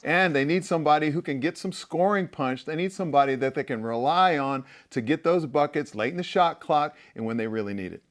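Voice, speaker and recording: A former player hosts a casual basketball chat. His slightly high voice stays relaxed and easygoing. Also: brisk, few pauses.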